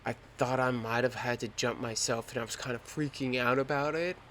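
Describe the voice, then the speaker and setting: A young man hosting a podcast, telling a story in a lively, slangy and profane way. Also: medium pitch, brisk, a little hiss or hum. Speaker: podcast host. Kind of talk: casual storytelling.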